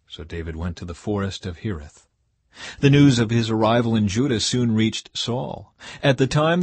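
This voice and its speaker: A man reading scripture aloud for an audiobook in a steady, expressive narration. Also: on the low side, husky, no room sound.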